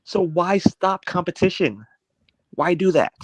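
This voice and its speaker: A man's voice: sits high, lively intonation, measured pace, no echo. A man co-hosting a casual podcast, arguing bluntly and matter-of-factly. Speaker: podcast co-host. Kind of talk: casual chat.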